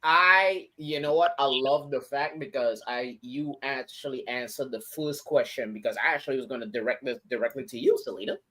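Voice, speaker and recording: Man, co-host, emphatic, mid-pitched voice, casual panel talk. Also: brisk, few pauses, sharp tone. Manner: emphatic, leading the questions.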